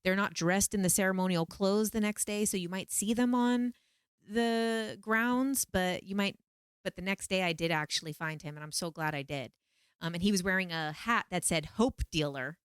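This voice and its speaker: A woman vlogger telling a personal story in a casual, animated way, acting out her own pleading lines in a higher voice. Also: moderate pace, clear, resonant tone, dry recording, studio quality. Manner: animated, quotes herself in pleading high voice.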